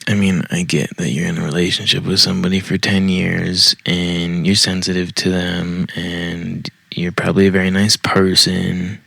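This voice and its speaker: A man's voice: deep voice, little pitch movement, normal speed, vocal fry, few pauses, bright, forceful tone, no room sound. A man hosting a podcast, reading online posts aloud and reacting bluntly with heavy profanity. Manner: blunt, profane, laughs at his own jokes. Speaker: podcast host.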